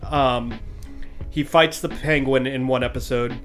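A man's voice: medium pitch, steady tone, unhurried, music in the background. A man on a podcast, chatting casually and retelling comedy sketches with playful put-on voices. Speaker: podcast co-host. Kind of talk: casual chat.

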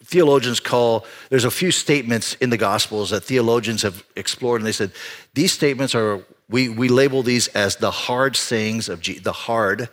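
A man preaching a sermon as pastor, telling a personal story in an animated way with frequent restarts. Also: mid-range voice, moderate pace.

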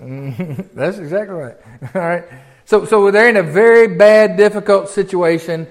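A man's voice: high-pitched, moderate pace. A man teaching from the Bible in a sermon. He talks in a folksy, conversational way and asks the congregation lots of rhetorical questions. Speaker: pastor.

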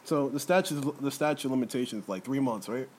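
A man's voice: mid-range voice, brisk, a little hiss or hum. A man co-hosting a podcast in casual chat, joking and swearing freely. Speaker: podcast co-host. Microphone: podcast mic.

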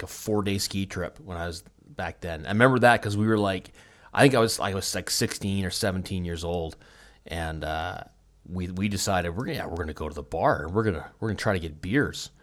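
A Canadian man co-hosting a podcast, chatting casually and teasing himself in an easygoing way. His voice sits fairly low for a man. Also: fairly quick. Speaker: podcast co-host. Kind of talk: casual chat.

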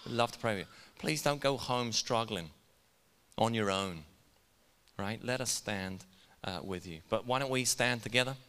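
A man preaching a sermon in a conversational, energetic way, with casual asides to the congregation in a church. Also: fairly low pitch, normal speed, smooth, long reverb tail. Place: church hall.

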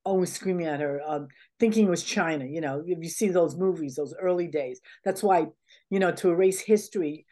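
Speaking fairly quickly in a mellow, fairly low voice, this middle-aged American woman is a guest in a casual interview. Her heartfelt stories ramble along, thick with fillers and repeated "you know"s.

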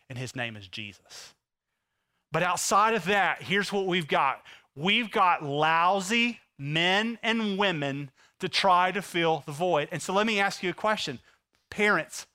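A man in his thirties preaching a sermon as pastor, impassioned, swinging from loud emphasis to hushed intensity. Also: on the high side.

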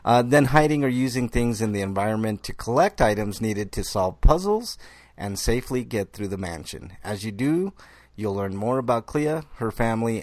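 A man hosting a casual gaming news podcast, reading out stories and adding relaxed asides. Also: lowish voice, dry recording. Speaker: podcast host.

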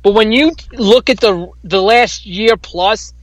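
A man's voice: high-pitched, slow pace, no room sound, low-quality recording. A man co-hosting a casual podcast, arguing his point emphatically and swearing often. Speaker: podcast co-host. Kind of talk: casual wrestling chat.

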